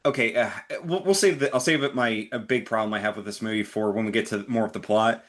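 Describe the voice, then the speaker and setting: A man's voice: fairly low pitch, fast, fairly bright tone. A man co-hosting a podcast, talking casually and thoughtfully about a superhero movie with frequent hesitations. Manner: thoughtful, hesitant, many fillers. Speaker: podcast co-host. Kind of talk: casual movie review chat.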